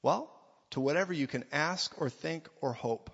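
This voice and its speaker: A man preaches with emphatic energy, his voice pitched a little higher than most men's. He slips into mock voices to act out quoted lines. The sound is dull and lo-fi, with a long reverb trailing after his words in a large hall. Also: moderate pace, vocal fry, fairly bright tone. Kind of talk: sermon.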